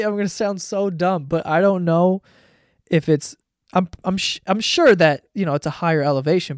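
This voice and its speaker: A man's voice: a little high, a little mellow, no room sound, studio quality. A man hosting a podcast, telling stories in a rambling, profane way and laughing often. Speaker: podcast host. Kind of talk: casual solo storytelling.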